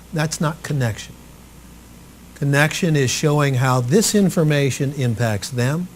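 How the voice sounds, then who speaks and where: A man coaching trainees on public speaking in a live workshop talk, animated and expressive, swinging between loud and soft for emphasis. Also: mid-range voice, slight background noise. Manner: animated and expressive, acts out quotes.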